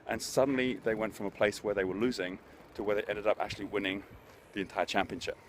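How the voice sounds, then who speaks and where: A man's voice: fairly low pitch, steady tone, quick pace, a little hiss or hum. A middle-aged man hosting a motivational business talk, telling stories in an earnest, conversational way. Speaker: host, business speaker.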